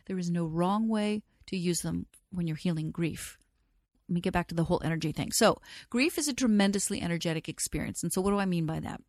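A woman teaching about aromatherapy in a gentle, reassuring talk, speaking straight to the listener. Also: fairly low pitch, fast, no echo, studio quality.

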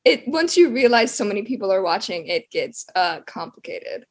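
A woman's voice: medium pitch, sing-song, normal speed. A young woman, an actress, answering interview questions casually over a video call, chatty with frequent "like"s.

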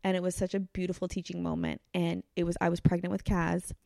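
A woman's voice: lowish voice, level tone, fast, vocal fry, dark tone, dry recording, studio quality. A woman in her thirties sharing a candid personal story in casual chat, saying 'like' often. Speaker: guest.

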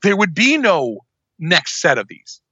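Bright, animated man rambling. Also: sits high, unhurried, breathy edge, no room sound, highs cut off. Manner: rambling, animated, self-interrupting. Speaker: podcast co-host. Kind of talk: casual chat.

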